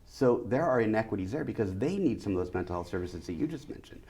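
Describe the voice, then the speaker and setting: A man's voice: fairly low pitch, very animated, fast talker, mellow, breathy edge. A middle-aged man, a school superintendent, answering interview questions emphatically and repeating key phrases.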